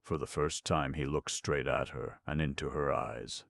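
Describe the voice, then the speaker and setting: A man reading a novel aloud as an audiobook narrator, in a measured, expressive manner. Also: very deep voice, creaky, no echo, studio quality. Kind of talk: scripted narration.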